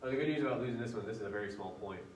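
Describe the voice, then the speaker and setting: A male teacher with a lowish voice talks very fast, thinking aloud in a casual, chatty way as he edits a student paper during a relaxed writing lesson. The roomy classroom is picked up from a distance, with slight background noise.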